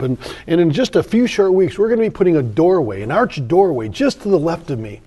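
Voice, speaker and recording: A man's voice: on the high side, darkish tone. A man voicing a proud, earnest bricklayer describing the work he is doing.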